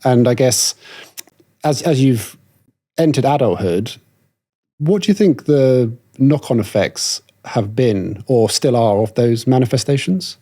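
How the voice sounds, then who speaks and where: A man hosting a podcast, asking thoughtful questions in a measured, slightly hesitant way. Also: mid-range voice, animated, mellow. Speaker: podcast host. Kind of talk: interview questions.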